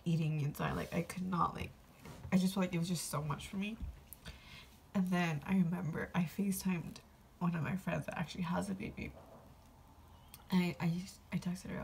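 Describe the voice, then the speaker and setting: A young woman tells a personal story to her camera in a low, gravelly voice, rambling with plenty of fillers and getting emotional. Her tone is dark and mellow, and a faint hum of room ambience sits behind her. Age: young adult. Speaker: vlogger.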